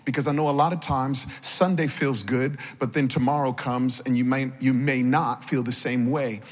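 A man's voice: mid-range voice, fairly even intonation, moderate pace, long reverb tail. A man preaching a sermon as pastor, calling out to the congregation for responses and building in energy as he goes. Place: church sanctuary.

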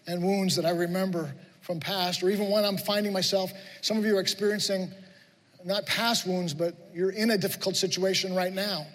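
In a church sanctuary, a middle-aged pastor's steady, fairly bright and fairly high voice rings out with long reverb at a normal speed. His preaching is earnest and repetitive, stacking one emphatic question on another.

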